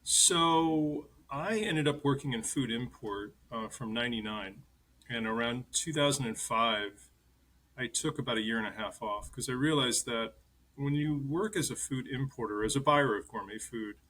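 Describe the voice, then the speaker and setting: A man in his fifties, a chef interviewed as a guest, telling animated stories and chuckling as he goes. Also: medium pitch, rough recording. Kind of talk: conversational interview storytelling.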